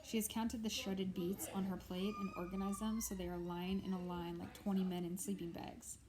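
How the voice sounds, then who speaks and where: A woman reading a novel aloud in a steady storytelling voice. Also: medium pitch, normal speed, poor audio. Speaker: audiobook reader. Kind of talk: scripted narration of a novel.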